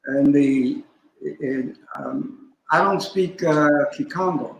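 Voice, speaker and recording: A man speaking as a guest scholar, explaining in a deliberate, instructive way and stopping to spell out terms. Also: a little high, roomy sound, slight background noise, rough recording. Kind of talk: teaching in a conversation.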